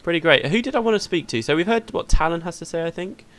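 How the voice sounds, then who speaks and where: A man's voice: on the high side, lively intonation, quick pace, fairly bright tone. A man hosting a let's play, chatting casually through the game and laughing easily.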